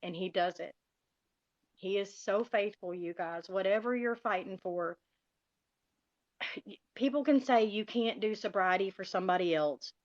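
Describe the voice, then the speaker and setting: A woman's voice: fairly low pitch, fairly bright tone, no room sound. A middle-aged woman gives an emotional personal testimony on a live stream, speaking earnestly and often calling her listeners "you guys". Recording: dull, dry lo-fi sound.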